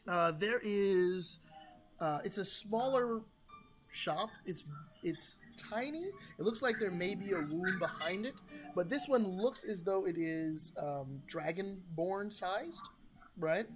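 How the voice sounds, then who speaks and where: Man running a tabletop game, high voice, loose rambling narration over music. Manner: rambling, self-correcting narration. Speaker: game master.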